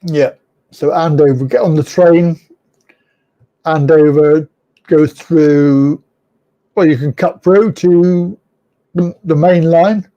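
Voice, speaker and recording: A man's voice: a little high, steady tone, slow, long pauses, warm tone, lo-fi sound. A man hosting a live online chat, rambling and chuckling as he reads out viewer comments and teases them. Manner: rambling, chuckling, self-correcting, teasing viewers. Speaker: host of a live chat show.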